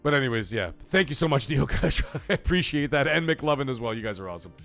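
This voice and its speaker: A man's voice: medium pitch, expressive, fast talker, gravelly, fairly bright tone, soft background music. A man hosting a casual live stream, talking animatedly, swearing freely and reading viewer messages aloud. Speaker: livestream host.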